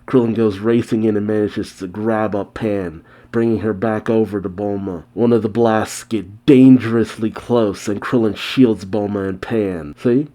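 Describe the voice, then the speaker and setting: A man's voice: lowish voice, moderate pace, hardly any pauses. A man recapping a comic chapter scene by scene with casual asides of his own. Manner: steady storytelling narration with casual asides. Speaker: manga reaction host. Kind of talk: manga chapter recap and commentary.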